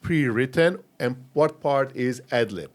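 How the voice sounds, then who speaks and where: A man hosting a podcast, asking careful, measured questions of his guest. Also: mid-range voice, lively intonation. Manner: measured, searching for words. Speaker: podcast host. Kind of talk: interview questions.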